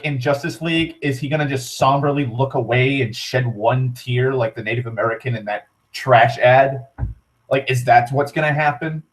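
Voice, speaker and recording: A young man giving a rambling casual rant, swearing often, leaning on "like" and restarting his sentences. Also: a little high. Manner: rambling, profane, heavy on "like", frequent restarts. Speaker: vlogger.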